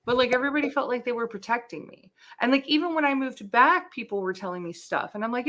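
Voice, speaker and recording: A woman's voice: on the high side, fast talker, hardly any pauses, a bit bright. Middle-aged woman, interview guest, casual chat, blunt, swears a lot, says "like" constantly. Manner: candid, swears freely, fills talk with "like".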